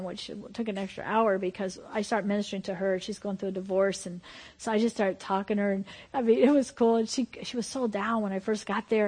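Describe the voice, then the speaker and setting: A woman preaching an informal sermon to a group, telling personal stories in an animated, emphatic way. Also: mid-range voice.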